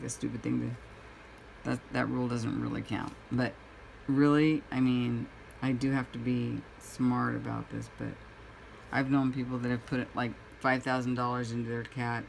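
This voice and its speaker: A woman's voice: a bass voice, creaky, a little hiss or hum, rough recording. A woman chatting casually while painting at home, a rambling storyteller who acts out her own reactions. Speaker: crafting vlogger.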